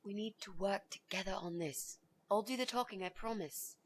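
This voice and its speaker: An actress playing a brash young woman student who talks her way in as a babysitter, bold and quick to take charge. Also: medium pitch, slight background noise, close to an everyday voice. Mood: confident.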